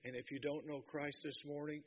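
Impassioned preacher, a man with a higher voice. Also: little pitch movement, normal speed, highs cut off, a little hiss or hum. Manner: impassioned, swinging from hushed to shouting. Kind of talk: sermon.

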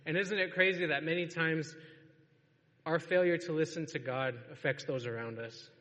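A man's voice: fairly high pitch, normal speed, pushed and bright. A man preaching a sermon to a congregation in a church, in a casual storytelling way and laughing often. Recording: long reverb of a large hall.

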